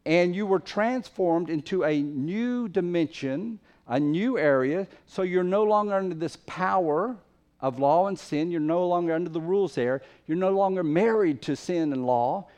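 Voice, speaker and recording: A man preaching a sermon, stressing key words by repeating them and letting closing phrases fall soft and low. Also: moderate pace.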